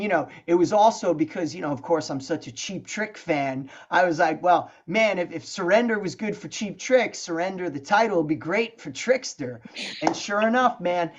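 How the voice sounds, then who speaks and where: In a relaxed interview, a middle-aged guest songwriter tells stories in a lively, talkative way, sprinkling in "you know" and "man." His voice is high, and the audio has a dull, lo-fi quality.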